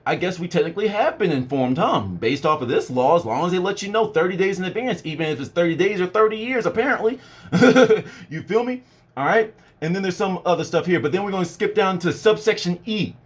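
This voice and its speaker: A man hosting his own channel, reading a law aloud and breaking off into animated, conspiratorial asides full of fillers, his voice tired from the reading. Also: high voice. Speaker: channel host.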